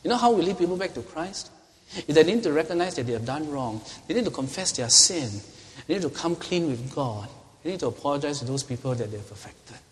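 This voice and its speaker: A man's voice: fairly high pitch, brisk. A middle-aged man preaching a sermon as a pastor, talking to the congregation in a conversational way and asking them rhetorical questions. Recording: long reverb in a hall.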